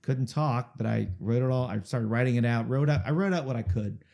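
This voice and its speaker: A man's voice: medium pitch, a little fast, gravelly, a little mellow. A man, a singer-songwriter guest, telling a rambling story in a casual interview and checking in with the listener as he goes. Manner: chatty, rambling storyteller who keeps checking in with "okay?".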